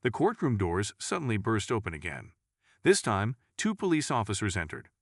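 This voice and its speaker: Low-voiced male story narrator. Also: wildly swooping pitch, normal speed, no echo, clean studio sound. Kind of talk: scripted dramatic story narration.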